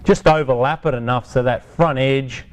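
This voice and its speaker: A man's voice: medium pitch, fairly even intonation, normal speed. A man giving a casual, hands-on product demonstration outdoors, chatting and correcting himself as he explains each step. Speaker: product presenter. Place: outdoors on a hot day.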